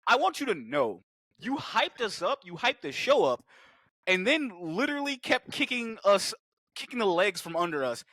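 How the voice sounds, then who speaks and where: Excitable, cursing man with a high, lively voice. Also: normal speed, no echo. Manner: excitable, swears a lot, acts out quoted lines. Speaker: podcast co-host. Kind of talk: casual chat.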